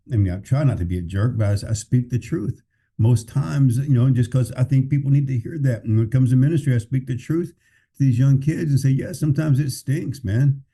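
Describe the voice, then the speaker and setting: A pastor talks frankly and plainly, stopping and restarting his thoughts as he goes. His voice is very dark and mellow, sitting at an ordinary pitch for a man. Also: husky. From California. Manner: candid and plainspoken, with many restarts. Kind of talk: casual podcast conversation.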